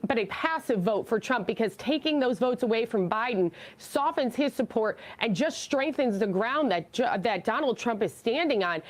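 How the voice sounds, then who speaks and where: A woman giving fluent, measured political commentary on a TV news panel segment. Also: on the high side. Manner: fluent, measured, polished delivery.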